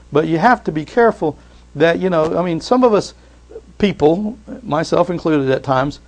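Earnest male pastor, sermon delivery, slightly high gravelly voice, repeats words, swings between loud and soft. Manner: rises and drops sharply in pitch and loudness.

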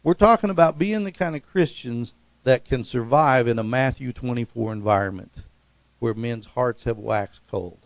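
Gravelly-voiced preacher with dry sound. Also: male voice, normal speed, dry recording. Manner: animated preaching, acting out quotes with sudden loud high bursts. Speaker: pastor. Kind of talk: sermon.

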